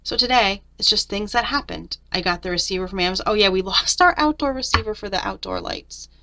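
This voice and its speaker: A woman's voice: medium pitch, a little fast, bright, forceful tone. A middle-aged woman chatting candidly through a journal flip-through, venting about her week. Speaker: papercraft vlogger.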